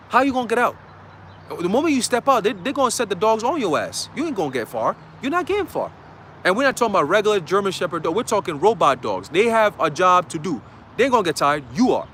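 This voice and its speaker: A man's voice: high-pitched, very animated, quick pace, a bit bright, a little hiss or hum. A man preaching a dramatic, slangy sermon outdoors in a city, often checking in with his listeners. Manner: emphatic, checks in with "okay?". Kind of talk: street sermon.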